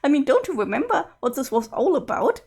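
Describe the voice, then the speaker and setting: A guilty, exasperated young woman apologizes, coaxes and pleads, as a woman voices her while reading a webcomic aloud. The voice is high and lively, and it turns impatient when the pleading gets nowhere. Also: a little fast, vocal fry, full character voice.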